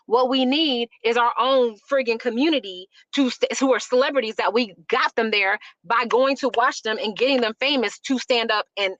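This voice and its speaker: A woman's voice: on the high side, a bit bright, no room sound, lo-fi sound. Emphatic woman host from Chicago. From Chicago, USA. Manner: emphatic, rambling with many fillers. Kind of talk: opinionated commentary.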